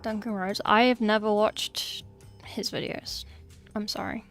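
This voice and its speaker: Casting: young woman from England, unhurried wry livestream banter, faint background music. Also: mid-range voice, steady tone, a bit bright. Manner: chatty, wry, talks to chat while working. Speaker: streamer painting miniatures. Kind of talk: casual livestream chat.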